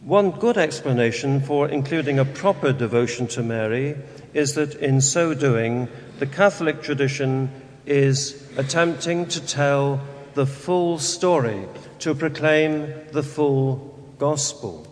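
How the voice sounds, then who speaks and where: Priest reading the Gospel and preaching, slow deliberate delivery, rhetorical questions, long reverb from a large church. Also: male voice, mid-range voice, a little hiss or hum. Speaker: Catholic priest.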